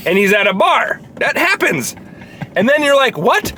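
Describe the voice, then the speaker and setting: A man co-hosting a casual movie chat in a car, slightly hoarse from yelling, animated, swearing freely and laughing often. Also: extremely high pitch, moderate pace, slight background noise. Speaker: co-host. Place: inside a parked car.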